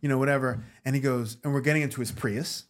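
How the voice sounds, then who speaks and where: Brief: man from New York, middle-pitched voice, guest storyteller, swears freely and acts out each voice. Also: fairly even intonation, quick pace. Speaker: guest, actor and comedian. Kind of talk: casual storytelling.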